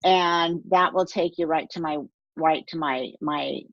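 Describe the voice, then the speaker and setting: A woman's voice: low-pitched, fairly even intonation, measured pace, no room sound. A middle-aged woman, a guest empowerment coach, talking earnestly and encouragingly in a casual interview over a video call. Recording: dull, dry lo-fi sound.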